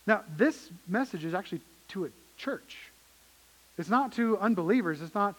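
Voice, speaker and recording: A man's voice: sits high, normal speed, poor audio. A man preaching a sermon as pastor, earnest and emphatic, often repeating his phrases.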